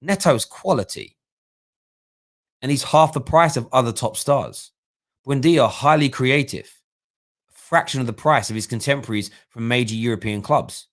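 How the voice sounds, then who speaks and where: A man's voice: medium pitch, normal speed, pauses often. A man hosting a live-streamed football fan talk show, giving opinionated analysis and thinking aloud with restarts.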